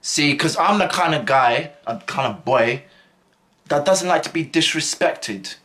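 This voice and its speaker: A man's voice: on the high side, expressive, unhurried, pushed and bright. A young man telling a school story in a casual, rambling way full of slang and fillers. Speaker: vlogger.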